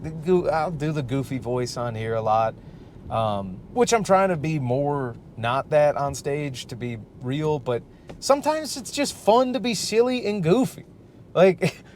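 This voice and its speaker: A man's voice: mid-range voice, a little mellow, a little hiss or hum. A man and stand-up comic hosting a casual solo podcast, ranting in a profane, rambling, worked-up way. He is from Michigan.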